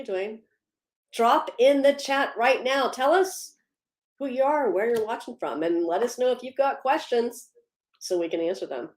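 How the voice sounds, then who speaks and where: This livestream host is a woman with a fairly high voice, recorded in a roomy space. She's upbeat and casual, calling out viewers by name and laughing readily between updates on policy.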